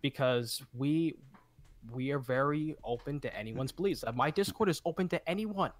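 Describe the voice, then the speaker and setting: A man hosting a casual podcast, easygoing and agreeable, often chiming in with quick agreement. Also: medium pitch. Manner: easygoing, agreeable, keeps saying "yeah, exactly".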